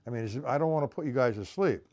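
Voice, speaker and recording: A man's voice: mid-range voice, expressive, racing, noisy background. A man giving a live-streamed drum lesson, counting beats aloud, blunt and repetitive, often checking that viewers understand. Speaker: drum teacher.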